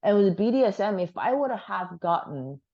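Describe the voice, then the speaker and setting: A slightly hoarse woman chatting frankly as an interview guest, with plenty of fillers. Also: medium pitch, big pitch swings, moderate pace, lo-fi sound. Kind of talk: casual chat.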